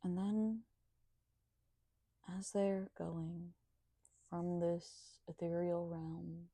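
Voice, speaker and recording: A woman's voice: on the low side, flat delivery, very slow, mellow, dry recording. A woman talking in a casual monologue, sardonic and profane.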